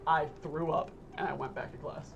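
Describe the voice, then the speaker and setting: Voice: medium pitch, steady tone, normal speed, gravelly, highs cut off, over music. A young adult streamer chatting casually while gaming, telling long rambling stories full of fillers and swearing.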